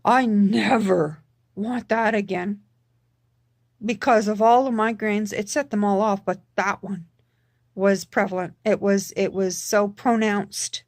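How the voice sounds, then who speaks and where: Woman vlogging, slow and stop-start, repeats herself for stress, dry close sound. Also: medium pitch, fairly even intonation, no echo. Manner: halting, full of restarts and repeated words. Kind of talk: casual personal vlog.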